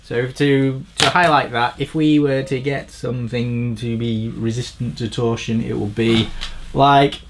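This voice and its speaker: A man reviewing a bike frame in a crude, rambling, sardonic way, swearing freely and shifting between mumbled asides and louder rants. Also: fairly even intonation, a little slow, slight background noise. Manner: swearing, rambling, sardonic, pitch jumps up when ranting. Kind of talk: crude comedic tech review.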